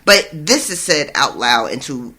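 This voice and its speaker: A podcast co-host chatting casually about a book chapter, excited and swearing freely. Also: medium pitch, unhurried. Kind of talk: casual chat recapping a book.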